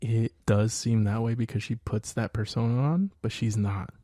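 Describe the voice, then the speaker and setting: A man's voice: lowish voice, moderate pace, mellow, no room sound, clean studio sound. A man co-hosting a podcast as a father, talking in a reflective, hedging way and laughing easily. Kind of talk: casual chat.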